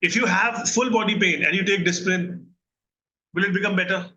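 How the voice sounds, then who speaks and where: High-pitched and pushed, bright, this man's voice keeps fairly even intonation at normal speed. A therapist with an Indian English accent, he teaches a recorded mental health lesson earnestly, frequently questioning and checking in with listeners, while the highs are cut off and a slight hiss or hum lingers.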